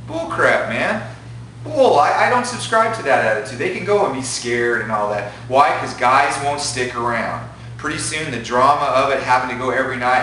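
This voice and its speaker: Brief: a male jiu-jitsu instructor, excitable and profane, recorded from a distance in an echoey room; bright voice. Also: mid-range voice, a little hiss or hum. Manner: excitable, profane, acts out students' thoughts. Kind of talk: animated talk to a class.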